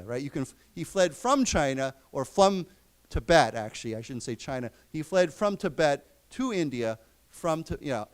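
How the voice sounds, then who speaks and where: Guy teaching english, kinda high voice, smooth and clear, says words over slowly. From United States. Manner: explains words slowly, repeats them. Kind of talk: lecture. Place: library lecture room.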